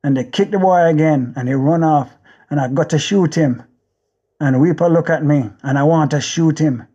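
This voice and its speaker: Jamaican male audiobook narrator, fairly high voice, intense first-person read with driving repetition, slightly dull lo-fi audio. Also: normal speed, mellow, breathy edge.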